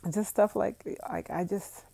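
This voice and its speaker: A woman's voice: mid-range voice, fairly even intonation, measured pace, vocal fry, warm tone. A woman in her thirties from the United States, chatting casually on a phone livestream, laughing often and answering viewer comments. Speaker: vlogger reading live chat.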